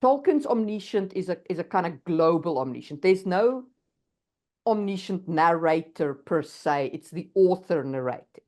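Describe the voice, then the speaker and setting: A woman's voice: fairly low pitch, animated, moderate pace, a little mellow. A woman co-hosting a podcast, explaining writing craft in a thoughtful, casual way and often checking in with "right?". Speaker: podcast co-host.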